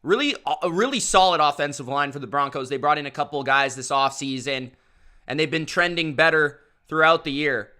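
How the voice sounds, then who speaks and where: A man calls football play-by-play for his live stream and greets his chat by name. His voice sits high and rings very bright and crisp. He talks at an unhurried pace, with a pumped-up announcer style. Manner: hyped, announcer-style delivery. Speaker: live-stream sports commentator. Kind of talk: live play-by-play commentary and chat shout-outs.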